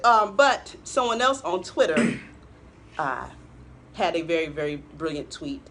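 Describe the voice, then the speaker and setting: A woman's voice: on the low side, big pitch swings, unhurried, very noisy. A woman co-hosting a political talk show, giving pointed commentary and laughing often. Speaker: co-host.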